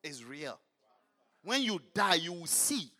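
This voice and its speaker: A man preaching a fervent sermon, swinging between shouted lines and low murmurs. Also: sing-song, slow.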